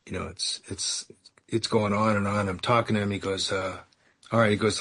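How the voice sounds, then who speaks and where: Gravelly man telling a sarcastic story. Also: fairly low pitch, fairly even intonation, normal speed, a bit bright. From California. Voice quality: gravelly, husky. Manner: self-mocking, sarcastic, acts out dialogue in his story. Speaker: recovery meeting speaker. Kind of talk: storytelling share at a recovery meeting.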